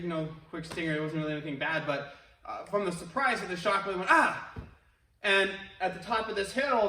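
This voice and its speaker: A man's voice: a little high, bright, forceful tone. A male martial arts instructor, coaching an online class in an upbeat, encouraging way. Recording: echoey room, mic at a distance.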